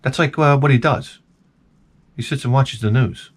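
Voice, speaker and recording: A man vlogging in a rambling comic monologue, animated and swearing freely as he slips into mocking voices. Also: medium pitch, normal speed, slight background noise.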